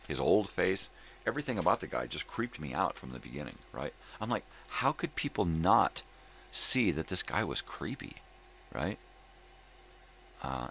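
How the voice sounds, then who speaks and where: Very deep gravelly older man, laid-back. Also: a bit bright, a little hiss or hum. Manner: rambling, laid-back, laughs often. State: hungover. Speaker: livestream host. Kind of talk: casual chat to viewers.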